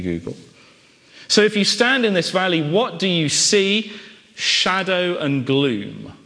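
A male preacher delivers a sermon at an unhurried, measured pace. He stacks up rhetorical questions for dramatic effect. His voice rings out with a long reverb, as if filling a large church hall. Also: fairly high pitch, a bit bright.

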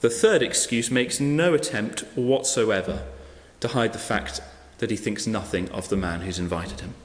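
This man's voice sits on the low side and moves at a moderate pace as he preaches. He relates a parable, acting out its characters and quoted guests with animated flair, and the sound echoes around a hall.

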